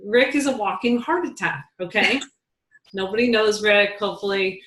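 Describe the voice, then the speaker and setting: A woman's voice: medium pitch, normal speed, fairly bright tone, roomy sound, poor audio. A woman leading a casual team talk, telling chatty stories and laughing easily. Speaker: team leader.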